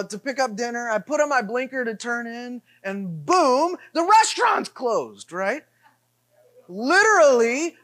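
A middle-aged man preaching, telling a self-deprecating story in an animated way with repeated refrains. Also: very high-pitched. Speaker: pastor. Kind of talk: sermon storytelling.

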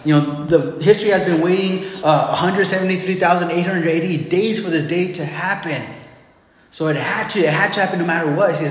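A man's voice: high-pitched, a little fast, crowd noise. A man preaching a sermon in a loose, conversational way, often calling listeners "man" and restarting his phrases. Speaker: pastor. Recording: echoey hall.

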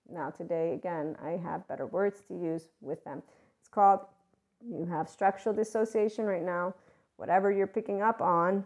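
A woman's voice: on the low side, normal speed, a little mellow. Blunt, sarcastic woman tarot reader. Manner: blunt and sarcastic, swears freely; rambling, laughing asides. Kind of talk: casual monologue to camera.

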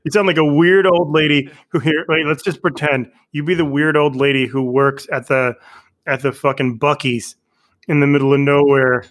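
Rambling comedian telling a story. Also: male voice, a little high, flat delivery, moderate pace, fairly bright tone. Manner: rambling storyteller, lots of restarts and impressions. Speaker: guest comedian. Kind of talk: casual comedy podcast chat.

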